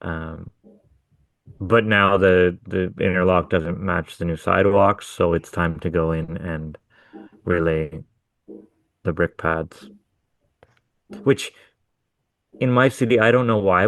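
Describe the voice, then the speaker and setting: A man's voice: sits low, a bit bright, no room sound. A man co-hosting a podcast, telling stories about his contracting work in a laid-back, profane way. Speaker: podcast co-host, hardscape contractor. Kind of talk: casual chat.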